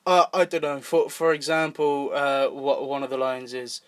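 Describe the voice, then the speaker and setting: A man's voice: mid-range voice, moderate pace, hardly any pauses. A Scottish man co-hosting a casual podcast chat, laughing often and swearing freely. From Scotland. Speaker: podcast co-host.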